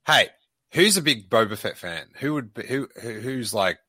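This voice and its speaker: A man with a New Zealand accent hosting a casual panel chat, halting and restarting often. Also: medium pitch, animated, sharp tone, dry recording. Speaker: podcast host.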